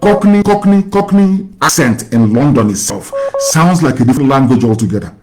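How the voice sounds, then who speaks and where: A man from Nigeria leads a casual call-in conversation. He lectures in long stretches and keeps asking his listener whether he knows things. His voice sits at an ordinary middle pitch. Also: lively intonation, normal speed, low-quality recording. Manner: lecturing, asks rhetorical questions. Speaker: radio host.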